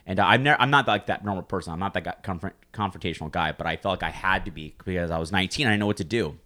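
Man, 20s, low deep voice, relaxed profane storyteller among friends. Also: racing. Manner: loose, profane, rambling with many "like"s. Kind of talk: casual storytelling chat.

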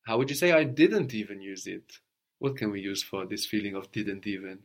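A man's voice: fairly low pitch, a little fast. A man teaching a language lesson, patiently prompting his student and often checking with a questioning "no?".

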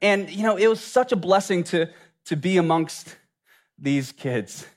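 A man with a drawl preaching from the pulpit, his voice sitting high for a man. He speaks earnestly and often pauses on reflective questions. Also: expressive. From Louisiana, USA. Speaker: pastor. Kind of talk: sermon.

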